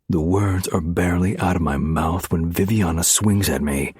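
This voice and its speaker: A man narrating a romance audiobook in the first person, low, measured and intense. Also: a little mellow, breathy edge, dry recording, clean studio sound.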